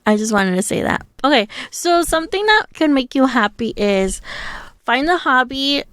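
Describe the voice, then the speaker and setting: A woman's voice: high-pitched, lively intonation, moderate pace, a bit bright, clean tone, no echo. A woman co-hosting a casual podcast, frank and chatty, telling her own anecdotes. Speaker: podcast co-host.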